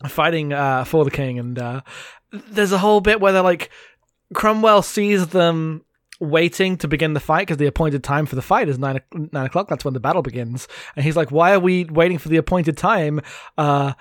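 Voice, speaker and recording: A man's voice: on the high side, normal speed, no echo, clean studio sound. A man co-hosting a podcast in casual chat, rambling and laughing often while recounting films over a remote call. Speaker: podcast co-host. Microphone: remote call mic.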